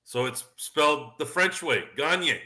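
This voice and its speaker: This podcast host, a man with a lowish voice speaking at normal speed, hosts a casual sports livestream. His talk wanders and frequently starts over, broken up by viewer questions he reads out.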